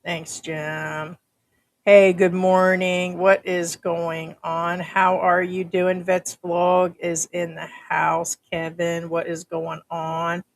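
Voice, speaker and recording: Older american lady chatting on her livestream, lowish voice, greets folks in chat. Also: flat delivery, takes it slowly, gravelly. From United States. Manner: chatty, reads out viewer comments. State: uses a breathing machine. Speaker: livestream host.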